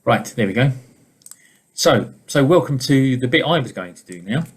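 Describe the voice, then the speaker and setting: A middle-aged leadership trainer and coach gives an informal webinar presentation over a video call. He speaks at normal speed in a husky, mid-range voice, with a relaxed, conversational storytelling style.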